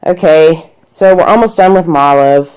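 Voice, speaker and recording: A woman's voice: sits low, normal speed, a little mellow, a little hiss or hum. A woman who works as a dog groomer, chatting casually in a home vlog, rambling and talking to her dog, sometimes dropping to a whisper.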